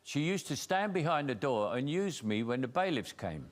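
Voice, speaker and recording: A man's voice: medium pitch, sing-song, moderate pace, very noisy. An older man, a talk show guest telling funny stories with dry punchlines and easy chuckles. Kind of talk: anecdotal storytelling. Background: audience laughter.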